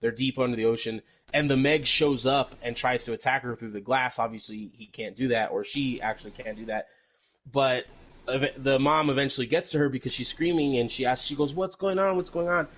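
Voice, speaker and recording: A man's voice: mid-range voice, fairly even intonation, fairly quick, a bit bright, low-quality recording. A man co-hosting a podcast, recapping a movie in rambling casual chat and swearing freely. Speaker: podcast co-host.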